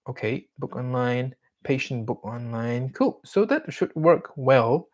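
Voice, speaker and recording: A young man talks slowly to himself while working at a computer, filling the pauses with hummed and muttered nonsense sounds. His voice sits at a middle pitch, and the talk comes in relaxed, unhurried bits of casual self-talk. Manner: mumbles, hums and sings filler sounds while typing. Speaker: vlogger coding on camera.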